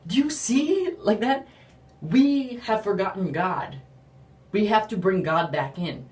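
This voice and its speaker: Recorded far from the mic in a roomy space, this speaker gives a relaxed faith testimony at a slow pace in a mid-range voice. The telling rambles, packed with "like," and quotes get acted out with animation.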